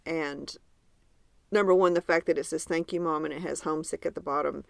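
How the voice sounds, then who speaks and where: Gravelly low Southern woman, chatty. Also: steady tone, brisk, no room sound, studio quality. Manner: chatty, enthusiastic, describes gifts in detail. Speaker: podcast co-host. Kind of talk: casual podcast chat.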